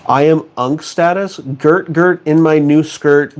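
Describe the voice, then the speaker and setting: A man's voice: a little high, fairly even intonation, slow pace, hardly any pauses, slight background noise. A man streaming from his home studio, bantering with chat in a sarcastic, mock-outraged and self-mocking way. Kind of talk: casual live-stream chat.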